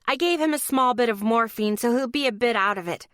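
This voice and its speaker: A woman voicing a caring woman tending a wounded man, brisk and reassuring. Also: on the high side, a bit bright, no room sound, studio quality, lightly acted.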